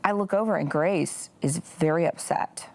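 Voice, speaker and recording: Earnest woman with a gravelly low voice. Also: normal speed. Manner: earnest, many "you know" fillers. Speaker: guest, pro-life activist. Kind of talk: interview storytelling.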